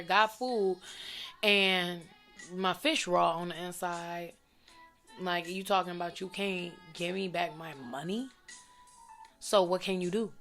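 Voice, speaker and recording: A young woman vlogger telling a story to camera in a blunt, profane, animated way. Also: lowish voice. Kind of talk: casual storytime rant to camera.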